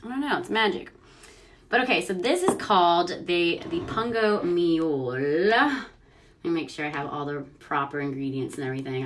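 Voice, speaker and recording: A young woman hosting a news and cocktail vlog mixes a drink at home, chatting casually and giggling, often trailing off with fillers. Her lowish voice is bright and forceful, with slight background noise.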